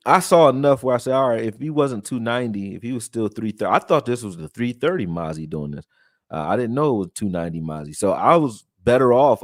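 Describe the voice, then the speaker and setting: A man with a fairly low voice hosts a live sports stream and chats in a loose, way, now and then reading viewer comments aloud. The sound is dry and close, with no room around it. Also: dry recording. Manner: loose, conversational, reads viewer chat aloud. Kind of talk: casual live-stream film breakdown.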